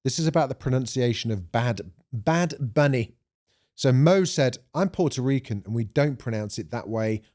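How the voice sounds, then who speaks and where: A man's voice: mid-range voice, lively intonation, moderate pace, darkish tone. A man co-hosting a casual chat podcast, reading out listener messages with plenty of swearing. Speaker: podcast co-host.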